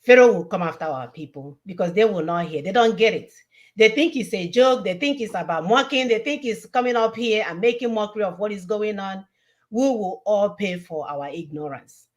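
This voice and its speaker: A woman's voice: mid-range voice, animated, normal speed. A woman giving an impassioned, preachy political talk with emphatic, repeated warnings. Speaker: online show co-host.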